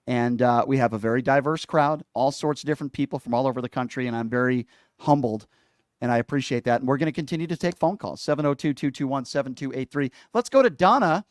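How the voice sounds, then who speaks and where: A man's voice: mid-range voice, fast, no echo. A man hosting a call-in radio talk show, emphatic and opinionated, often talking over his callers.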